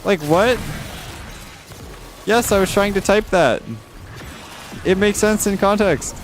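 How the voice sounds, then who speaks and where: With faint music behind him, a man streaming live takes it slowly as he rants casually through chat comments, swearing frequently in a rising, exasperated pitch.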